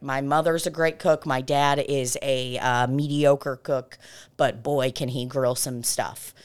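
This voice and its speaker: A woman's voice: deep voice, clear, resonant tone. A woman from Belarus, a podcast co-host, telling stories in casual chat, swearing freely and acting out voices. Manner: animated, swears freely, acts out voices in anecdotes.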